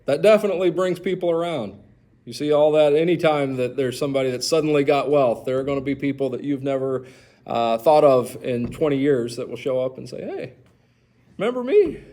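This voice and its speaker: A man leading a church Bible study, animated and asking the group questions. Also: mid-range voice, brisk. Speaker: pastor.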